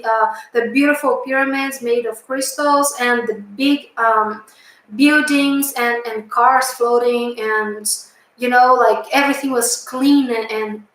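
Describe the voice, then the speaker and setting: A woman's voice: sits high, a bit bright. Woman telling her story, lots of ums and restarts, very echoey room. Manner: hesitant, lots of fillers and restarts, earnest. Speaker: channel host recounting a past-life memory. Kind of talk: casual storytelling.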